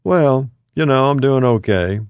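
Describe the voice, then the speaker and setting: A narrator puts on a frail, confused old man whose voice rides noticeably higher than the reader's own, repeating words emphatically in plain folksy speech. It is a close, dry, mellow read with no room around it, in the manner of an audiobook memoir. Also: animated, unhurried, smooth, no room sound. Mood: cheerful. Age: older.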